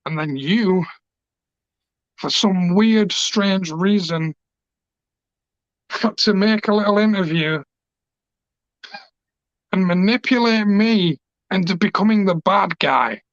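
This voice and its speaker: Gravelly man cutting an emotional promo. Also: sits high, takes it slowly, pauses often, no room sound. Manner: emotional, passionate, rambling. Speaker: pro wrestler. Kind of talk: wrestling promo. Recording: dull lo-fi dry recording.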